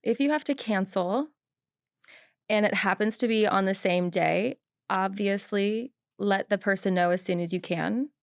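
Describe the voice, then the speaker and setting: Easygoing young woman co-host, mid-pitched voice, dry close sound. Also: measured pace, vocal fry, no room sound. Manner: easygoing, chimes in with agreement and quips. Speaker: podcast co-host. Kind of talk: casual chat.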